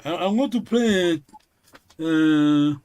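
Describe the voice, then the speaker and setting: A man who speaks natively, teaching a lesson over a video call, slow and patient, often checking in with a quick "yes?". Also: a little high, expressive, darkish tone, clean tone. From Congo region, Kikongo-speaking village. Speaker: language teacher. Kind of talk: online language lesson.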